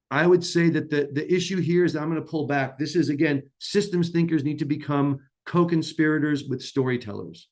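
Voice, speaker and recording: A man's voice: mid-range voice, normal speed, a little mellow. A man giving an earnest, emphatic conference talk to business leaders, often restarting his phrases. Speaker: conference speaker.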